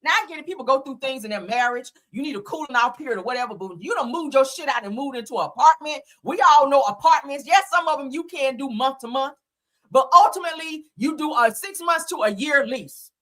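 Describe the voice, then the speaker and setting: A woman's voice: high voice, animated, a little fast, fairly bright tone. A woman hosting a casual gossip show, talking bluntly and profanely in a fired-up way. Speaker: host.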